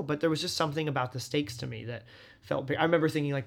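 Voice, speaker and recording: Chatty man telling stories, high voice. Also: fast, gravelly. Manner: animated, fills talk with "like" and acted-out quotes. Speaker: interview guest, Broadway actor. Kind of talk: casual conversational storytelling.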